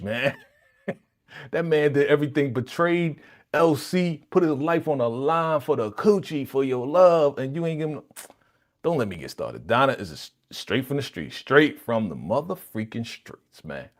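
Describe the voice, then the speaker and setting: A man hosting a live reaction stream, his pitch leaping high and low as he talks. He chats in loose slang and breaks into quick impressions of the characters. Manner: animated and slangy, acting out characters' lines. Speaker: channel host reacting to a TV episode.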